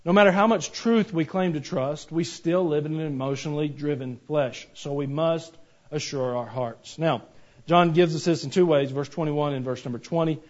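A man preaching a sermon, animated and joking, with rhetorical questions to the congregation. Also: a little high, normal speed. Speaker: pastor. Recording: dull lo-fi recording.

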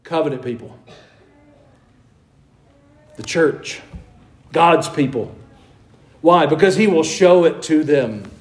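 A man's voice: a little high, expressive, slow, long pauses, poor audio. A man preaching a conversational sermon in a church, asking his congregation questions and putting on mock voices with wry asides. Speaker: pastor. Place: church sanctuary.

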